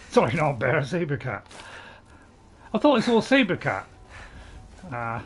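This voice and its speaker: A man's voice: fairly high pitch, big pitch swings, normal speed, pauses often, a little hiss or hum. Rambling, apologetic man playing a game. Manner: rambling, apologetic, chuckling to himself. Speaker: gaming channel host. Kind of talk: let's play commentary.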